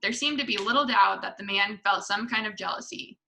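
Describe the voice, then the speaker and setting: A woman reading a children's book aloud to a book club, expressive with small slips. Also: mid-range voice, a little fast, creaky, low-quality recording.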